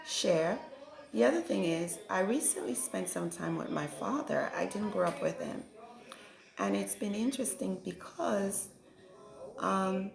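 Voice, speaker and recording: Lady preaching spiritual stuff real slow, low rough voice, echoey room. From Caribbean. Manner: reflective, preachy, keeps asking "right?". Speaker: spiritual vlogger. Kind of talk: casual spiritual monologue. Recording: echoey room with faint music.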